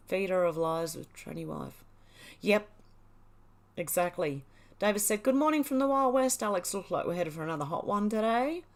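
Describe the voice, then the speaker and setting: An Australian woman hosting a casual livestream, reading viewer comments aloud and chatting back in a relaxed way. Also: fairly low pitch. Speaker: livestream host. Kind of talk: casual live chat reading.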